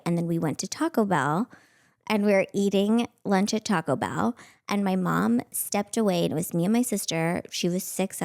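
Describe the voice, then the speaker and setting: A woman's voice: on the low side, gravelly, darkish tone. A woman in her thirties hosting a podcast, telling a story in a chatty, self-mocking way with plenty of filler words. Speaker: podcast host. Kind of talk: casual storytelling.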